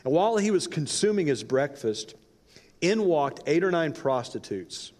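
A man's voice: on the high side, big pitch swings, moderate pace, a little mellow. A male pastor telling a story during a sermon, dramatic and varying his pace for effect. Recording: long reverb in a large hall.

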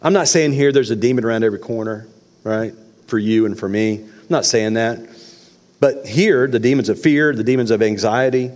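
A man preaching a sermon as pastor, folksy and animated, acting out the shouts in the story. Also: fairly low pitch, a little fast. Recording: long reverb of a large hall.

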